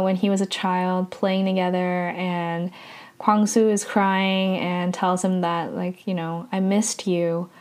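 A woman casually recapping a drama episode, talking in a loose, chatty way, full of "like" fillers and quick self-corrections. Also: lowish voice.

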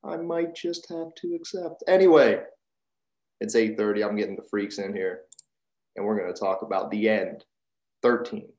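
A man hosting a podcast, giving an energetic, jokey intro and promo over a video call. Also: fairly low pitch, normal speed. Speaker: podcast host. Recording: roomy echo.

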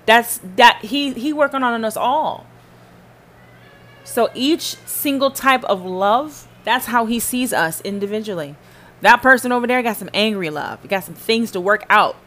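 In a fairly high, fairly bright voice, a woman hosts a podcast on faith, speaking a little slowly. Her delivery is casual, emphatic, and preachy, aimed right at the listener.

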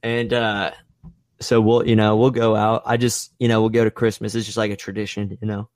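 A man's voice: on the low side, level tone, a little fast, darkish tone, no echo, studio quality. A man in his twenties chatting casually on a podcast, rambling and swearing with lots of filler words. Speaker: podcast host.

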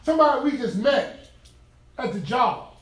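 Speaking at a normal speed in a very high voice, a man gives a sermon in a conversational style. His storytelling about his everyday life is animated, humorous, and emphatic. He's captured from a distance in a room full of echo.

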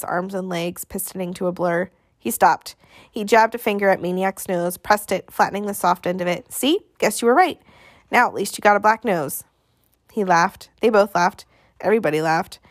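A woman's voice: medium pitch, dry recording. Dry, close woman narrating a novel. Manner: expressive storytelling, acting out the dialogue. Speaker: audiobook narrator. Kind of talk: scripted narration.

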